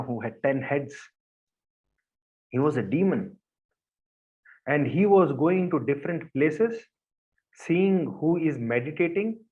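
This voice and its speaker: A man of middle pitch narrates a devotional story in plain, repetitive sentences and often restarts them. The lo-fi recording sounds dull and muffled. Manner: simple, repetitive phrasing with restarts.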